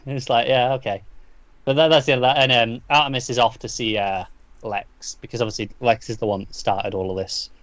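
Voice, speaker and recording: A man's voice: medium pitch, steady tone, a little fast, a bit bright, no room sound. Man recapping comics in dull lo-fi sound. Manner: rambling recap with frequent restarts and fillers. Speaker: podcast co-host. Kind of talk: casual comic book review chat.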